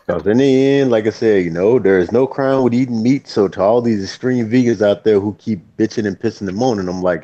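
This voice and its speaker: A man's voice: fairly low pitch, fairly quick, hardly any pauses, warm tone. A man in a casual podcast chat, ranting bluntly and swearing a lot. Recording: dull lo-fi audio.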